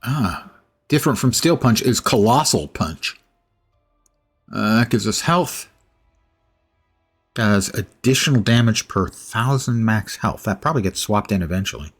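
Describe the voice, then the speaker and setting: A man's voice: lowish voice, lively intonation, unhurried, pauses often, husky, faint music behind. A man streaming a game, thinking aloud in a casual, musing way. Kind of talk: casual gameplay commentary.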